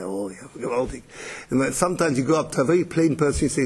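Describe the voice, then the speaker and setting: A man's voice: medium pitch, quick pace, darkish tone, husky. A man giving a Torah lecture, mixing Yiddish and Hebrew terms, often repeating words and restarting. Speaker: Torah teacher.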